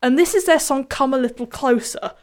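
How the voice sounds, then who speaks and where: A woman's voice: high voice, fairly quick. A young woman hosting a music radio show, chatting casually and self-deprecatingly between songs.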